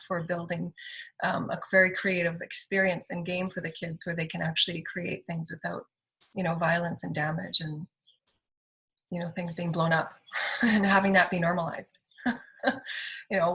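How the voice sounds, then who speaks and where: Middle-aged woman, lowish voice, spiritual healer, emphatic affirmation-driven monologue. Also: a bit bright, low-quality recording. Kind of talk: inspirational spoken monologue.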